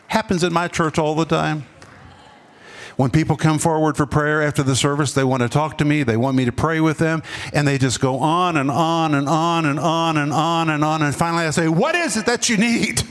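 A man's voice: on the high side, fairly even intonation, normal speed, smooth, in a large hall. A man preaching a sermon as pastor, emphatic, repeating words and dropping his voice for effect. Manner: preaching with sudden drops and emphatic repetition. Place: church.

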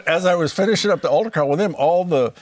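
A man's voice: high-pitched, brisk, no echo. A man hosting a casual chat, telling a church story with laughter and acted-out quotes. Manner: lively, laughing, acts out quotes.

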